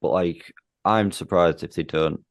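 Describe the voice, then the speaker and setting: A man's voice: deep voice, fairly even intonation, a little slow. A man co-hosting a casual wrestling chat, blunt and grumbling, with swearing. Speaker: podcast co-host.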